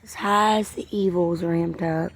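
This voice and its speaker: Slow, low-voiced woman vlogging. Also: fairly even intonation. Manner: earnest, repeats phrases, drops to whispers. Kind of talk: emotional faith-sharing vlog.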